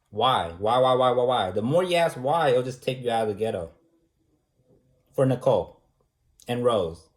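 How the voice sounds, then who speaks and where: Leading a debate class, this medium-pitched man keeps things loose and chatty, tossing out one rhetorical question after another with plenty of casual filler words.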